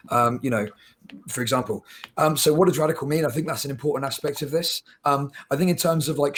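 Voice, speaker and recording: A man on a panel laying out his argument in a measured, thoughtful way, with frequent ums. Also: fairly high pitch, slight background noise, poor audio. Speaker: panel guest. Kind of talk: debate argument.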